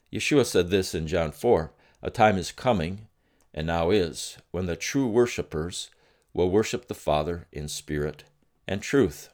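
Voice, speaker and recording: A middle-aged man giving devotional teaching, telling a personal story slowly and earnestly with reflective pauses. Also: low-pitched, a little mellow. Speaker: Christian teacher.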